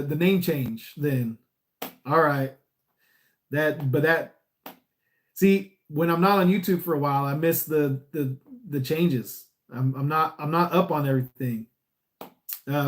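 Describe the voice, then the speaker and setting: A man from California chatting casually on a live stream, reading viewer comments in an easygoing, smiley, rambling way. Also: fairly high pitch. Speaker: repo agent and YouTuber.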